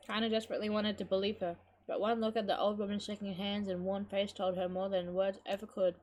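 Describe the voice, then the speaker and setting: A woman's voice: medium pitch, little pitch movement, fast, slight background noise. A woman streamer reading a game's story aloud, breaking off to swear and chat casually. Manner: casual, swears at the game, chatty asides. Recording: voice with loud game music behind.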